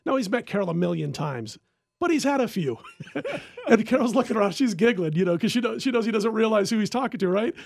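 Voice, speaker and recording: A high-pitched man telling a lively story on a sports-betting podcast, laughing as he goes. The sound is dry and close, with no echo. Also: fast talker, gravelly. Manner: animated storyteller who laughs often. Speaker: podcast host and sports handicapper.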